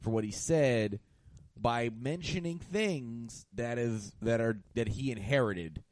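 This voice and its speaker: Male podcast co-host, warm mid voice, dry room, easy laughs. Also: mid-range voice, slow pace, no echo. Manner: laughs easily, explains the news. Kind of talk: casual comedy podcast chat.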